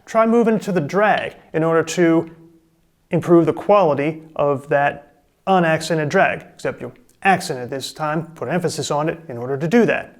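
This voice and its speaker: Man coaching a drum lesson, higher voice. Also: moderate pace. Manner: calm, step-by-step coaching. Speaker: drum teacher. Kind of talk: instructional video lesson.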